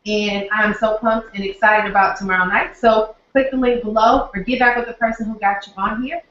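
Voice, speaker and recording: A woman's voice: medium pitch, steady tone, brisk, a bit bright. Upbeat Southern woman in an echoey office. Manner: upbeat, folksy, talks straight to viewers. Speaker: online training host. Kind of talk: live webinar sign-off. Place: office, alone. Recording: very echoey, distant, dull lo-fi.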